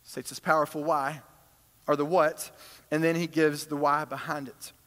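High, bright preaching man. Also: flat delivery, moderate pace. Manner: emphatic preaching, swinging between loud high bursts and low quiet stretches. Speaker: pastor. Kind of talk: sermon. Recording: long hall reverb.

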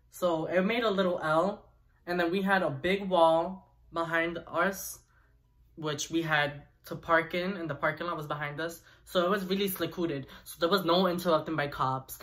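A young man vlogger telling a personal story in an animated, chatty way with asides to viewers. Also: on the high side. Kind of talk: storytime vlog.

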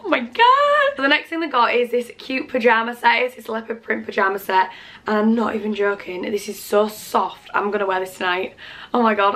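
A woman's voice: a little high, fairly bright tone. Gushing young British woman vlogging. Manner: gushing, chatty, full of fillers. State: out of breath. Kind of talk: casual gift haul vlog.

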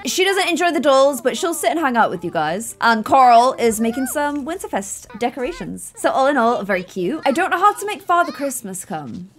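Bubbly, lively woman gamer. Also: a little high. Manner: bubbly, gasping and exclaiming often. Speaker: gaming YouTuber. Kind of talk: Sims gameplay commentary.

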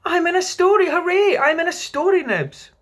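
A man voicing an eager little boy who squeals with excitement in a storybook reading. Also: fairly high pitch, normal speed, husky, heavily acted. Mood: excited.

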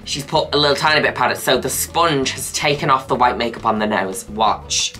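A woman's voice: extremely low pitch, fairly quick, a bit bright, soft background music. A woman hosting a reaction video, cheering and teasing with camp exclamations and playful swearing. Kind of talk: reaction commentary.

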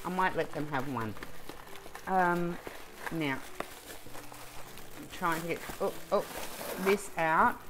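A woman's voice: fairly low pitch, slow, pauses often, background noise. A woman in a casual unboxing vlog who gushes with emotion and often breaks off in the middle of a sentence. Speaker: vlogger.

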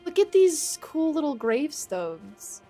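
A woman streaming a game live, excitable, gasping and swearing as she plays. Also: sits high, a little slow, faint music behind.

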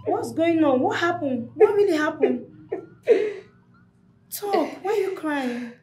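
A woman's voice: high-pitched, expressive, slow, a little mellow, echoey room, a little hiss or hum. An actress with a Nigerian accent playing a woman who insistently presses the crying mother with questions. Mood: pressing.

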